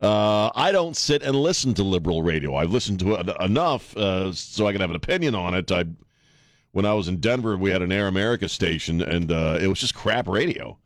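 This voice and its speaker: A man's voice: low voice, expressive, fairly quick, no room sound, studio quality. A man in his fifties hosting a talk radio show, blunt and casual, laughing often and repeating words as he goes. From Washington DC area. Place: radio studio. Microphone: studio mic.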